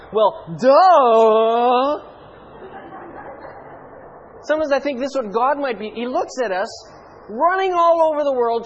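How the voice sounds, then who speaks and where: A man preaching a sermon in an animated, rhetorical way with playful asides. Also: very high-pitched, lo-fi sound, a little hiss or hum.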